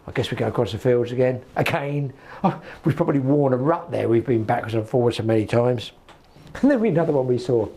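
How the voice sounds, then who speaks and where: A man's voice: mid-range voice, animated, fast, dark tone. A middle-aged man chatting casually to the camera as a fishing channel host, rambling through stories. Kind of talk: casual vlog chat. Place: garden cabin.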